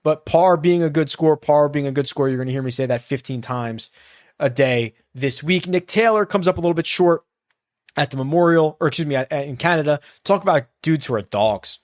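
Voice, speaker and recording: A man talking through his picks on his own in casual, rambling sentences, stopping to correct himself as he goes. His voice sits at an ordinary pitch. The sound is dry and close, with no room echo. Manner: rambling, self-correcting, thinks aloud. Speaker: fantasy golf podcast host. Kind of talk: casual solo analysis.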